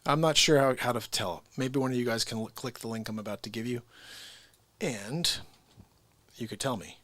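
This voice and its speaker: Chatty, bright-voiced male streamer. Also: medium pitch, moderate pace, no room sound. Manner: chatty, talks to the viewers directly. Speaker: livestream host and impressionist. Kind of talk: casual livestream chat.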